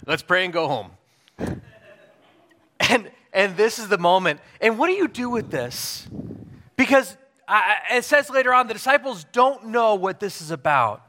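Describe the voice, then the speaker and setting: A preacher telling a Bible story with animated storytelling and reading scripture aloud. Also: male voice, sits high, moderate pace. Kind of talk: sermon.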